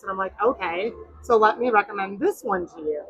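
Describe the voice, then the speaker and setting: A woman podcast host and bartender telling blunt, animated bar stories in casual chat. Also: medium pitch, a little fast, few pauses, husky, rough recording. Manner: blunt and animated storyteller, swears freely.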